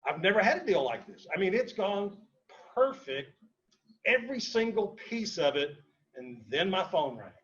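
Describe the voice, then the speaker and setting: A man's voice: high voice, very animated, moderate pace, a bit bright, lo-fi sound. Emphatic man teaching a seminar. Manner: storytelling, emphatic, repeats key points. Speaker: seminar speaker on real estate investing. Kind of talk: live seminar talk to a room and online audience. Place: seminar room with live audience.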